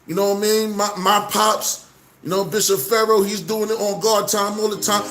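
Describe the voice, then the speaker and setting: A man with a Brooklyn accent talking casually to camera, animated, full of street slang and repeated shout-outs. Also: high voice, normal speed. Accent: New York, Brooklyn. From Brooklyn, New York. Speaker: vlogger. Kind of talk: casual direct-to-camera monologue.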